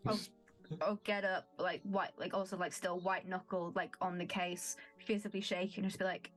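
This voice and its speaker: A woman player describing her actions at a tabletop game, hesitant and halting. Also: lowish voice, steady tone, faint music behind. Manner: hesitant, filler-heavy. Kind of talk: casual tabletop play.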